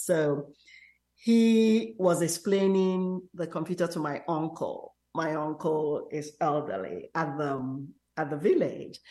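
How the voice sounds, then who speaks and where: A middle-aged Nigerian woman, Igbo her first language, telling stories in an interview with thoughtful pauses. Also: on the low side. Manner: thoughtful, storytelling with hesitations. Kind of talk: casual interview.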